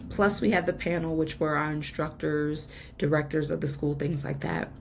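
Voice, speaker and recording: A woman's voice: on the low side, vocal fry, a little hiss or hum. A woman podcast host giving an earnest, emotional personal faith testimony, laughing now and then between lines.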